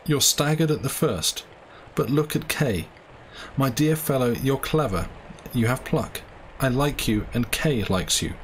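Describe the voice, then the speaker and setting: A man playing a worldly, cynical male doctor who talks calmly and persuasively, lecturing and coaxing. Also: medium pitch, unhurried, a little hiss or hum, lightly acted.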